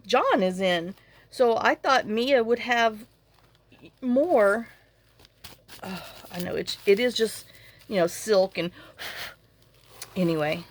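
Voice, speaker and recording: A woman vlogger chatting casually to camera, tearful and fighting back crying, rambling and often trailing off to restart. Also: mid-range voice. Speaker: journaling channel vlogger. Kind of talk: casual to-camera vlog chat.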